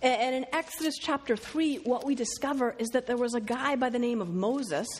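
Woman preacher, middle-aged, storytelling sermon delivery, a touch high-pitched. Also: fairly quick, husky. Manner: storytelling, quoting others in lively voices. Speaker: speaker.

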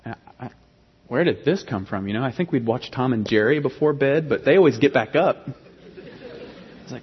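Husky preacher in a reverberant hall. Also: male voice, medium pitch, fairly quick. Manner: animated, emphatic preaching with many restarts. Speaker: pastor. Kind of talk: sermon. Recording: dull sound with long hall reverb.

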